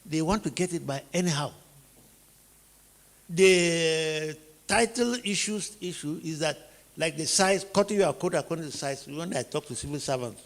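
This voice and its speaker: A man's voice: on the high side, creaky, long reverb tail. A man with a Nigerian accent, teaching in sermon style and driving his points home with rhetorical questions and repeated phrases. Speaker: teacher preaching on family life.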